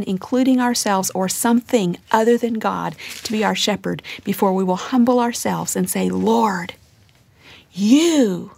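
A woman teaching a sermon, earnest, often dropping to a hushed whisper to stress a point. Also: fairly high pitch, no echo. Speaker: Bible teacher.

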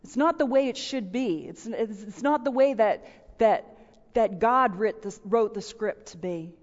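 A middle-aged woman giving a storytelling sermon to a room of listeners, animated and acting out voices and sound effects. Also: on the high side, a little slow. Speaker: women's speaker. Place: large room with audience. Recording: dull, with long hall reverb.

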